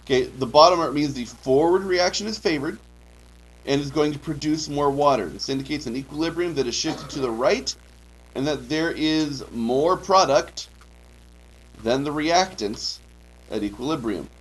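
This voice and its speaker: A man's voice: fairly high pitch, moderate pace, breathy edge, rough recording. A man teaching a chemistry class, lecturing with frequent "okay" checks and dry joking asides. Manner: drills key terms, frequent "okay" checks. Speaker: high school chemistry teacher.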